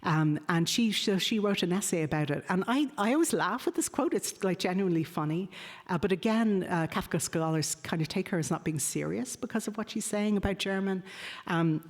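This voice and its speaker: A woman's voice: fairly low pitch, a little fast. A woman giving an academic lecture, hesitating often with ums and uhs as she corrects herself. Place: lecture hall. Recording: reverberant lecture hall.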